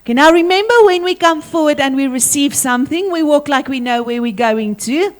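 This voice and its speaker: At a fairly quick clip, a teacher with a South African accent and a high voice addresses the school assembly. Playful but commanding, she calls pupils up and puts them through energetic drills.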